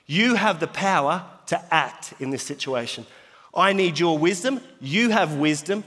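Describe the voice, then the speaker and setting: Male pastor, chatty sermon delivery, high-pitched, recorded with long hall reverb. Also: animated, a little slow, pushed and bright. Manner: conversational, laughs easily, loses his notes.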